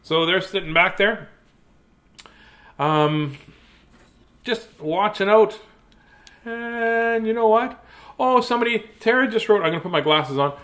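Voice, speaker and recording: A man's voice: sits high, animated, normal speed, long pauses, fairly bright tone. A middle-aged man hosting a live-streamed children's storytime, chatty and playful, easily sidetracked and greeting young viewers by name. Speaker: children's book reader and show host.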